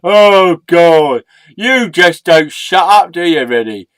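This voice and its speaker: A man voicing a blue sock puppet that grumbles and scolds in a soft voice. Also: high voice, lively intonation, takes it slowly, noisy background, pitched above the performer's own voice. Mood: exasperated.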